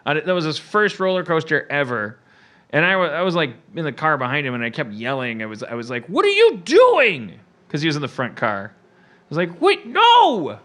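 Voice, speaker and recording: Speaking quickly in a slightly high voice, a man hosting a comedy podcast chats casually, launching into animated, rambling tales packed with profanity.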